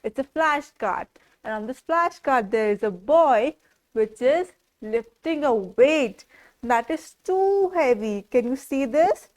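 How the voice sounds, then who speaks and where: A woman teaching small children, repeating words in a slow, sing-song way and asking them questions. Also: high voice, expressive, darkish tone. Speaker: preschool teacher. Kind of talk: classroom lesson for small children.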